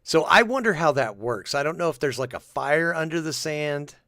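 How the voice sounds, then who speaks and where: A man co-hosting a podcast, chatting casually and telling rambling, animated stories. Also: a little high, moderate pace, dry recording, clean studio sound. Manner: rambling, animated storytelling with restarts. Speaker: podcast co-host. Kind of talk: casual chat.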